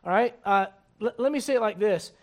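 Emphatic high-voiced male pastor preaching. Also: a little fast. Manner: emphatic, swings between loud bursts and low asides. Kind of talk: sermon. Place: church.

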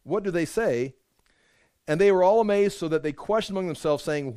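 A man preaching as a pastor, explaining scripture in a conversational, animated way with frequent restarts. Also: high voice, fairly quick, clear, resonant tone, dry recording, studio quality. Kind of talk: Bible study sermon.

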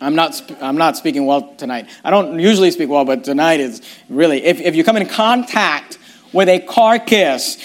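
A man preaching a Bible lesson, reading verses aloud and explaining them, often stumbling and restarting. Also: sits high. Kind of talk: bible teaching sermon.

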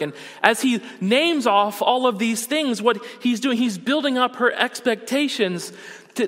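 A man's voice: very high voice, animated, normal speed, fairly bright tone. Earnest man preaching in a reverberant hall. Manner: earnest preaching with rising rhetorical questions. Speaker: pastor. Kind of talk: sermon.

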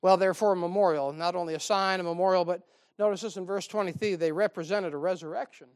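A man's voice: high-pitched, fairly even intonation, fast, clean tone, no room sound. Male pastor, folksy storytelling sermon, dry close mic. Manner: folksy storytelling with call-and-response asides. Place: church.

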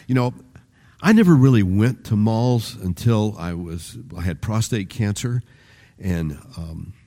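Older male pastor, warm low-bright tone, chatty sermon delivery with shifting emphasis. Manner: rambling, conversational, with restarts and varied emphasis.

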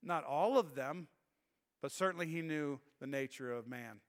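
A man's voice: a little high, normal speed, big-room sound. A middle-aged man preaching a sermon as pastor, telling a personal story in an earnest, emotional way with frequent restarts. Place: church sanctuary.

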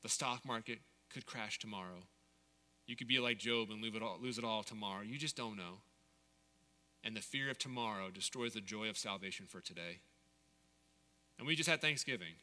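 A man's voice: on the low side, sharp tone, in a large hall. A man in his thirties preaching a sermon as pastor, candid and conversational, sharing personal stories.

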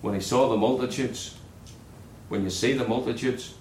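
A man's voice: steady tone, normal speed, a little hiss or hum. Earnest preacher man in an echoey hall. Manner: earnest, drops low and soft on key words. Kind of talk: sermon.

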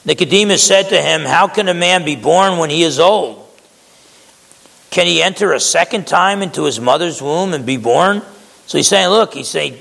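Man, preacher, sermon, conversational, gravelly, acts out quotes. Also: fairly high pitch, expressive, normal speed, a bit bright, big-room sound, low-quality recording.

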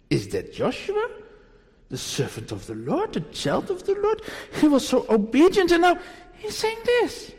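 High-voiced guy preaching slowly, lots of questions to the congregation, long church echo. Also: wildly swooping pitch. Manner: emphatic, rhetorical questions to the congregation; slow, deliberate delivery with sudden rises. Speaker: pastor. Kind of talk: sermon.

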